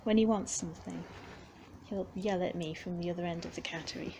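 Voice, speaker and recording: A young woman who keeps a cattery, chatting softly to the cats in a gentle, cooing way and often dropping to a whisper. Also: lowish voice, fairly even intonation, a little fast, slight background noise, low-quality recording. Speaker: cattery keeper. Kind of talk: soft chat to cats. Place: indoor cattery. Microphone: handheld camera. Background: faint purring and cattery ambience.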